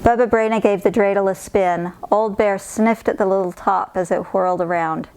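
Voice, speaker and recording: A woman narrating a children's picture book, calm and clear. Her voice sits at an ordinary middle pitch and the telling is steady and unhurried. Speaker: storybook reader. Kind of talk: reading a picture book aloud.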